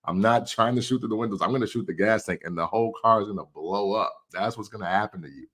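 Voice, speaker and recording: Casting: low-voiced man in his forties, chatty host, laughs a lot and drops into quick acted quotes. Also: fairly bright tone. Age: 40s. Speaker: podcast host. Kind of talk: casual commentary.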